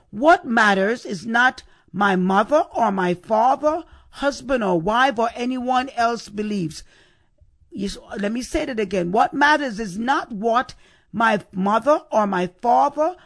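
Slow, fairly high-voiced woman preacher. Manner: repeats phrases and asks the listener rhetorical questions. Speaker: host of a devotional podcast. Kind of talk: devotional scripture reflection.

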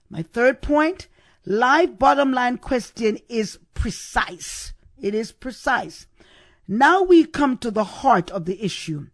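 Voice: medium pitch, dry recording, studio quality. A preacher giving a sermon, stressing points and repeating key questions for emphasis.

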